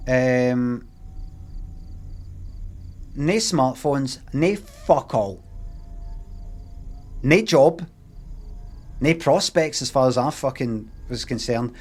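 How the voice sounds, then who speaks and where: A man's voice: medium pitch, animated, very slow, pauses often, darkish tone, soft background music. Scottish man, live streamer, rambling anecdote, lots of swearing, casual.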